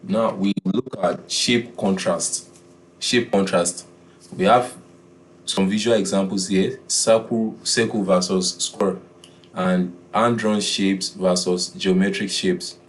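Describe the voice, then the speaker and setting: A man teaching a beginners' design class, often repeating his key points and pausing with "uh". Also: deep voice, steady tone, slight background noise. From Nigeria. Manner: repeats key phrases, filler "uh". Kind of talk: classroom lesson.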